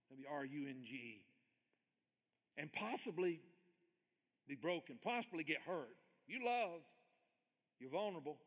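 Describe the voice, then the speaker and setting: An older man delivers a sermon in a big reverberant sanctuary. His voice sits a little high, swinging between emphatic, loud readings and soft, hushed lines. The long reverb of the hall trails after each phrase. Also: lively intonation, measured pace, long pauses. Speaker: pastor.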